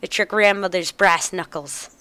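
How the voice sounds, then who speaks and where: A woman's voice: lowish voice, fairly even intonation, moderate pace, bright, forceful tone, no room sound. A woman reading out the lines of a father saying goodbye to his child in a video game. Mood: plain. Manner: read aloud from game dialogue. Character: gruff father handing down heirloom.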